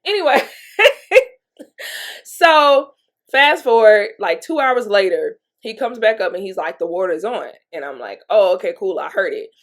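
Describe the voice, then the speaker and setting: A woman vlogger telling a personal story in a candid, chatty way, laughing between lines and sniffling from allergies, with a Southern US accent. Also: medium pitch. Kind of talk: casual storytelling monologue.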